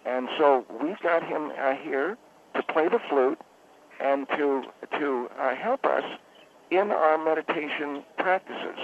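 A man's voice: a little high, slow. A man calling in as a spa owner on a comedic radio phone-in, rambling, stammering and correcting himself as he talks. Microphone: telephone. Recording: tinny phone line.

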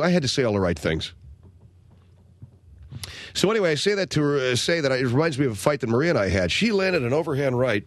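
A man hosting a radio talk show, telling rambling stories and acting out quotes in a higher voice before reading announcements. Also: very animated, a little fast, no room sound. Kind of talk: casual radio chat and announcements.

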